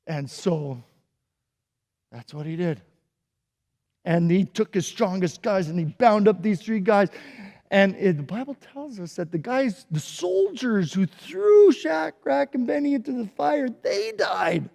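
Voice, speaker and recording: A Sunday school teacher telling a Bible story to children in a playful, animated way. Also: male voice, fairly high pitch, measured pace, vocal fry. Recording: echoey hall.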